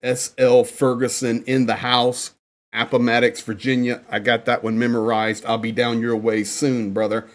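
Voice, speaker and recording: A man's voice: medium pitch, level tone, normal speed. Upbeat man hosting a livestream. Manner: upbeat, reads out viewer names and shout-outs. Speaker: livestream host. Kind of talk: casual livestream chat greeting viewers. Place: indoors in Ukraine.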